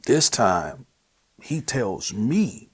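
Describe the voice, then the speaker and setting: A man with a New Orleans accent telling his personal testimony, earnest and emotional, at times sinking to a hushed near-whisper. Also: mid-range voice, very animated, extremely slow, slightly rough. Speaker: guest sharing his testimony.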